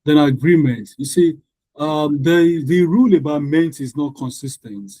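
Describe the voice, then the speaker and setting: Patient male English tutor, warm dry voice. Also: on the high side, measured pace, dry recording, poor audio. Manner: patient, repeats each rule for the class. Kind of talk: online class teaching.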